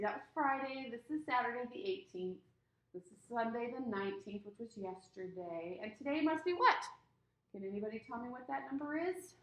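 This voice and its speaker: A woman's voice: fairly high pitch, animated, brisk, fairly bright tone. A woman teaching young children in an online class from home, sing-song and coaxing, a little sniffly from allergies. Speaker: preschool teacher. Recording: roomy echo.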